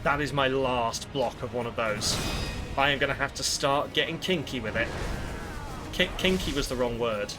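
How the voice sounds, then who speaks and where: Game music sounds clearly behind a man of medium pitch and moderate pace who streams a video game. He chats loosely, mocks himself, and swears often.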